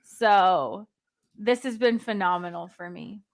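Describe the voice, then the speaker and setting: A woman co-hosting a political stream from Connecticut, with snarky, deadpan humor. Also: mid-range voice, slow pace. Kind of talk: casual political chat.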